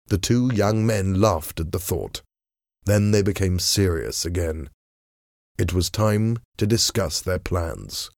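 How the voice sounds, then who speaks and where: A man narrating a storybook in a measured, deliberate way. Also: low-pitched, lively intonation, gravelly, a little mellow, no echo, clean studio sound. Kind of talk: storybook reading.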